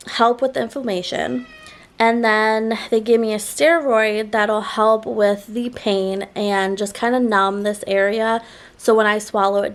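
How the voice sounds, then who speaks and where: A woman vlogger chatting casually to camera, her voice a little nasal as she gets over a sore throat, rambling with lots of "like" fillers. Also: fairly high pitch. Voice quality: slightly nasal.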